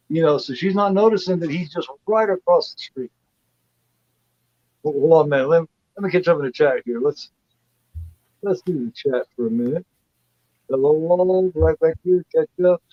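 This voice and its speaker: Man, slightly high voice, casual film review chat, rambling with lots of fillers, dull dry lo-fi sound. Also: brisk, dry recording. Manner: rambling retelling, heavy "you know" fillers and restarts. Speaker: co-host of a film review livestream.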